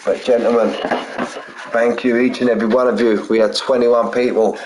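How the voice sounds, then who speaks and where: A man's voice: mid-range voice, flat delivery, normal speed, background noise. A man commentating a sim racing league, casual and chatty, calling drivers "mate" and saying he's buzzing for them. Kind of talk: live race commentary and chat.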